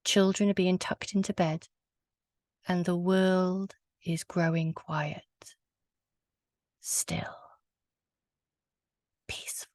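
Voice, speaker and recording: Woman, storyteller, dry close sound, hushed and slow, lingering on words. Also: lowish voice, steady tone, no echo. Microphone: video call.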